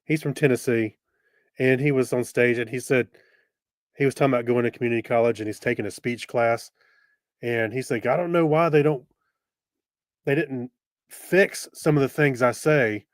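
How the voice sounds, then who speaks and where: A man co-hosting a podcast in casual chat, easygoing, with quick agreeing replies. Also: medium pitch, steady tone, no room sound, studio quality. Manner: easygoing, brief backchannels and laughs. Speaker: podcast co-host.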